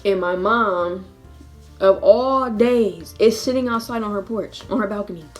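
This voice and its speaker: A young woman in her twenties chats through a storytime vlog, lively and full of laughs as she acts out the voices of family and friends. Her voice sits at an ordinary middle pitch, and faint music plays underneath. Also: unhurried. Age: 20s. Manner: animated, acts out quotes with laughs. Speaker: vlogger. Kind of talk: casual storytime.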